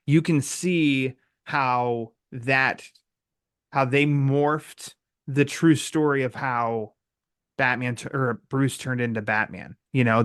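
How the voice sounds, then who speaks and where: A man's voice: medium pitch, a bit bright, no room sound, clean studio sound. A man hosting a podcast in casual chat, loose and conversational, with many likes and you-knows. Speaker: podcast host.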